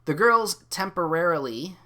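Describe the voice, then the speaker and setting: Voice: medium pitch, animated, normal speed, bright, forceful tone. A streamer reading an interactive novel aloud in a casual, self-mocking way, with offhand swearing and chatty asides.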